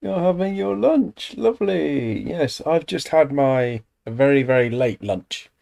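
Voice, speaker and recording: A man's voice: a little high, animated, unhurried, gravelly, dark tone. An English man hosting a let's play, chatting casually over gameplay with self-deprecating asides.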